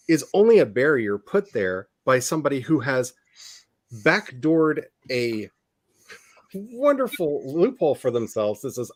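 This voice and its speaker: A man's voice: fairly high pitch, no echo. Rambling man, dry close sound. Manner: rambling, self-reflective, with restarts. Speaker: podcast co-host. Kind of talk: casual chat.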